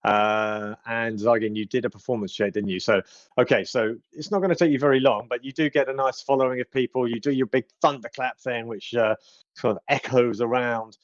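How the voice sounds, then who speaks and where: A man narrating as game master, halting often with ums and restarts. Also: medium pitch, steady tone, no echo, highs cut off.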